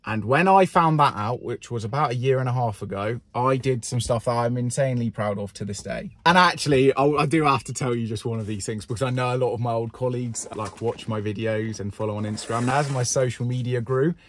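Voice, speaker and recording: A man's voice: mid-range voice, a little fast, few pauses, a bit bright. A man from England telling stories to camera in a blunt, emphatic way. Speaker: vlogger and entrepreneur. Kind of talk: casual talk to camera.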